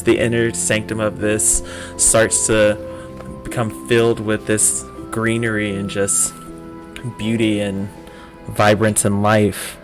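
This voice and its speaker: Low-voiced male game master narrating. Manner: casual, filler-heavy narration.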